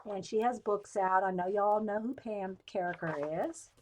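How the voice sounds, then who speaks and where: A woman's voice: mid-range voice, moderate pace, a little mellow, a little hiss or hum. A woman, hosting a casual live chat and telling rambling, digressive stories with lots of laughter. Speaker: live stream host.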